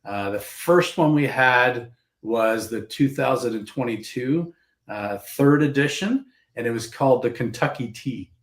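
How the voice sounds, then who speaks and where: A man's voice: mid-range voice, measured pace. A Canadian man chatting casually and eagerly on a live show, rambling with fillers. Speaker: panelist on a live whiskey and board game show. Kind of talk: casual chat. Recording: roomy echo.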